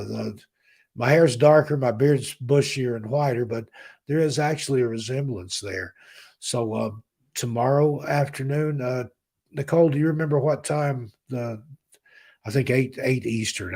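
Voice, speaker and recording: A man in his fifties from the American South, hosting a casual live stream, chatting warmly and reading out viewers' names. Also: medium pitch, normal speed, husky. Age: 50s. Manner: rambling, heartfelt, reads chat names aloud. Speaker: host.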